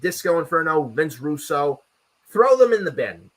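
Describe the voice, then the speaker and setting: A man's voice: on the high side, sing-song, normal speed. A man co-hosting a wrestling post-show, ranting in a casual, profane way and repeating himself. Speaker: podcast co-host. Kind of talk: casual wrestling recap chat.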